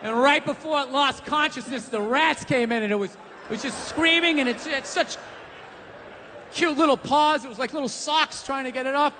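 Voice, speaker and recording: A middle-aged man doing stand-up comedy, ranting and profane, slipping into shouted character voices. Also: very high voice, moderate pace, a little hiss or hum. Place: comedy club stage before a live audience. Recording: roomy hall with faint ambience.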